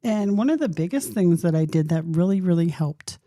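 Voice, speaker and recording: Gravelly-voiced woman in her fifties. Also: on the low side, moderate pace, few pauses, warm tone, no room sound, studio quality. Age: 50s. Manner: earnest, encouraging, speaks straight to listeners; open and emotional, thinking aloud. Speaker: podcast host. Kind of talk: reflective solo podcast talk.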